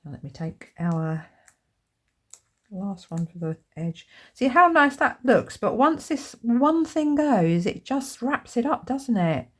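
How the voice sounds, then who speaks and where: A crafting channel host chats casually to camera, getting excited about her materials and using lots of tag questions. Her voice is a little high and she speaks slowly.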